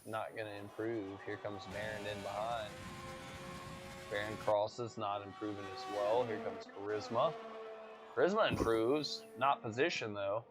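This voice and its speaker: An American man commenting on an online racing league, excitable and quick to hype close results. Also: lowish voice, over music. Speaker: race commentator. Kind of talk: esports race commentary.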